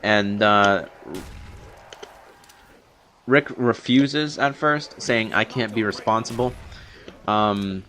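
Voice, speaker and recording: A man's voice: lowish voice, slow, pauses often, bright, forceful tone, slight background noise. A young man recapping a TV episode in a long, rambling unscripted review, full of fillers and restarts. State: a little out of breath from long talking.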